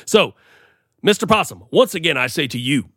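A man's voice: on the high side, animated, normal speed, fairly bright tone, breathy edge, no room sound, clean studio sound. A man co-hosting a comedy podcast, talking in a rambling, playful, self-deprecating way. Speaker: podcast co-host. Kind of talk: casual comedic chat.

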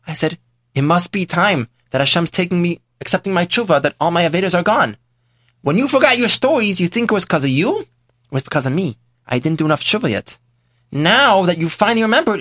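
A man's voice: on the high side, fairly bright tone, no echo, clean studio sound. A man voicing a repentant rich old man. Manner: earnest, confessional first-person telling. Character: repentant rich man, former priest, older.

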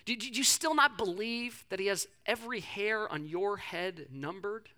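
A man voicing Jesus as a calm, gentle teacher who softly pleads with his frightened followers. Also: high voice, pitched above the performer's own voice. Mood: gentle pleading. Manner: soft, slow and pleading.

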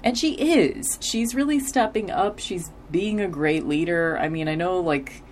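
40s woman podcaster, low voice, slow and rambly, lots of likes and ums. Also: a little mellow, a little hiss or hum. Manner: rambling, lots of filler words, laughs easily. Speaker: podcast host. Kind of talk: casual episode recap.

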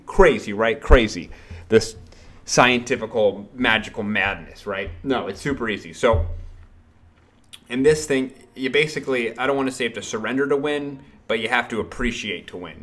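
A man hosting a solo sales podcast, talking in an energetic, punchy way, repeating phrases and swearing casually. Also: medium pitch, normal speed.

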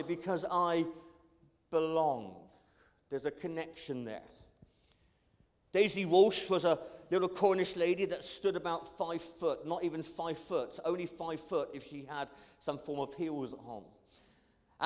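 A man's voice: sits high, darkish tone. A middle-aged male pastor giving a sermon in a church, earnest and given to stammered repeats of his words. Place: church sanctuary. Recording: long reverb of a church hall.

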